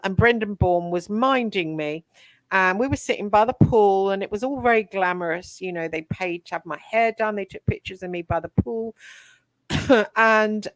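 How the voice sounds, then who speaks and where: A woman, an interview guest, telling her life story frankly, with many pauses and restarts. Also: mid-range voice, dry recording. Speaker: interview guest, psychic medium and author.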